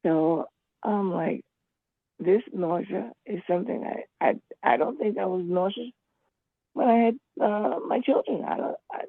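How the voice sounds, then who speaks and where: A woman with a medium-pitched, gravelly voice and a breathy edge speaks a little slowly as she calls in to an online class. Her casual spoken account rambles, stays emphatic, and repeats itself, coming through a computer call on a dry, tinny, phone-like line.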